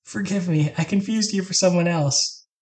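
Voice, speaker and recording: An actress voicing a formal, gentle and polite young woman in a video game, speaking in courteous phrasing. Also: fairly low pitch, normal speed, lightly acted. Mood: yearning.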